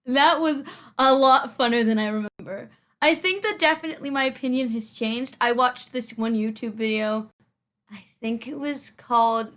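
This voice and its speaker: A woman's voice: fairly high pitch, a bit bright. An eighteen-year-old woman vlogging her reaction to a movie in casual chat, rambling with lots of "like"s and frequent laughs. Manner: chatty and rambling, laughs often, many "like"s.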